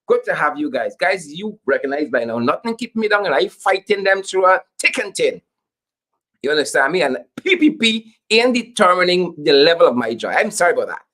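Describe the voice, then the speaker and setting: Guyanese guy hosting his commentary show, kinda high voice, jokey, says stuff twice. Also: brisk. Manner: animated, joking, repeats phrases for emphasis. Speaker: host.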